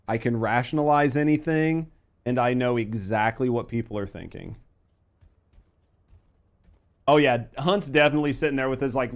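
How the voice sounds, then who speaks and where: A man in his thirties streaming a game, joking and swearing as he chats with viewers. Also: medium pitch. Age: 30s. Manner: profane, joking, reads chat aloud while playing. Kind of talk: casual gaming stream chat.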